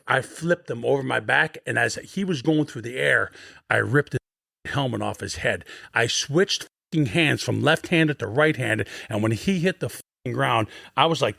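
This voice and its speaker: A man in his fifties telling rough, profane stories as a podcast guest in an animated, swearing way. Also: medium pitch, dry recording, clean studio sound. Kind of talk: casual storytelling on a sports podcast.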